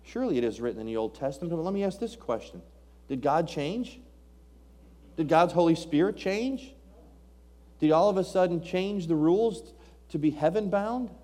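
Mellow-voiced man preaching a sermon. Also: high voice. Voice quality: King James scripture reading. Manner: preaching with rising emphasis and rhetorical questions.

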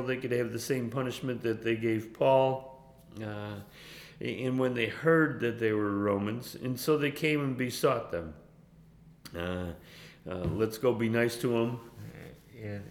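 A man teaching a Bible passage casually, halting often and chuckling between points. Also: on the low side, roomy sound. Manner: halting, with many fillers and chuckles.

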